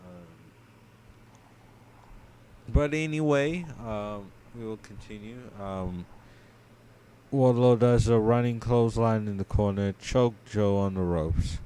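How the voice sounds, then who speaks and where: A sleepy man co-hosting a podcast, giving a drowsy, low-key play-by-play recap full of ums and uhs. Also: a little slow, dark tone, smooth. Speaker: podcast co-host. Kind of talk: casual match recap.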